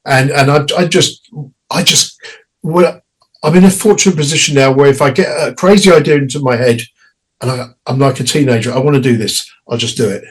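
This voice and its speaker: A man's voice: medium pitch, breathy edge, poor audio. A middle-aged man, a singer guest in an interview, telling stories in a loose chatty way, laughing and slipping into quoted voices. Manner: chatty, laughing, restarts and quick quoted asides. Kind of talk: casual interview storytelling.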